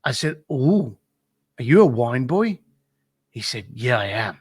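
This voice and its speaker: Husky and mid-range, this man's sing-song voice moves a little slowly as he tells an anecdote during a casual podcast interview where he's the guest. He voices both ends of a phone call, full of fillers and repeated "I said."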